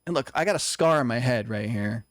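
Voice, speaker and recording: A man's voice: mid-range voice, animated, a little fast, no echo, clean studio sound. A young man telling a personal story in a conversation, earnest and confessional, acting out what others said. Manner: earnest, confessional, tells stories with quoted dialogue. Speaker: co-host.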